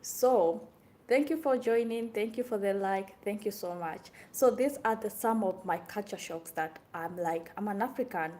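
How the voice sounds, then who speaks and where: Chatty, animated woman from Kenya. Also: medium pitch, normal speed. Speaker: vlogger. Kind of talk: casual talking-to-camera vlog.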